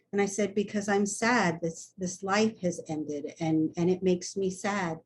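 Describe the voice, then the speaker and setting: An older woman speaks in a frank, straight-up way, a hospice nurse talking as a guest on a video call. Her voice sits at an ordinary middle pitch, with a faint hiss of noise behind it. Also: fairly even intonation, normal speed, few pauses. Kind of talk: casual chat on a video call.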